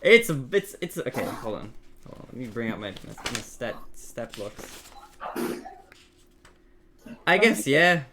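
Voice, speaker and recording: A woman running a tabletop game as game master, talking casually with halting restarts. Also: a bass voice, heavy background noise. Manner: animated, halting restarts, laughs often.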